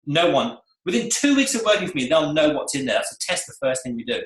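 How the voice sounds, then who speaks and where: An animated salon coach teaches a lively seminar in an echoey room, speaking quickly in a fairly high voice. He acts out the voices of both clients and staff.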